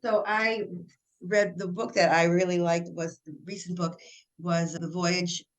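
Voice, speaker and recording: An older woman, a children's author, chatting in an interview and retelling her story in an animated way with frequent restarts. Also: fairly low pitch, measured pace. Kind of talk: casual interview chat.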